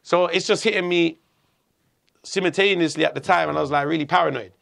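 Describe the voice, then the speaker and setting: A middle-aged man from England, telling a story in an interview, animated and swearing a lot. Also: on the high side, a little fast, gravelly. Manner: animated, swearing, acts out voices. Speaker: guest.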